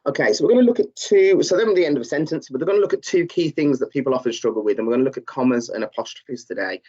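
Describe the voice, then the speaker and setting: A man's voice: medium pitch, lively intonation, rapid-fire, mellow. A man teaching a live online lesson, encouraging learners and reading out their chat answers, with many fillers. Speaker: tutor. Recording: slightly dull, muffled audio.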